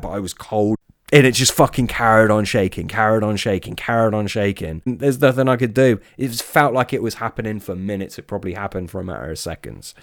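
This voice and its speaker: A man with a lowish voice spins a casual spooky yarn about fishing as a guest storyteller. There's no echo and the studio sound is clean; he curses frequently and keeps breaking off to start over.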